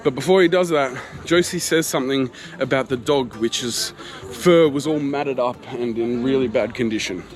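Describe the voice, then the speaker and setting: A man's voice: medium pitch, normal speed, few pauses, soft background music. A man, a travel vlogger animatedly retelling a frustrating encounter to camera. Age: 30s. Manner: animated, exasperated retelling with quoted exchanges. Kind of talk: casual storytelling to camera. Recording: faint street noise behind.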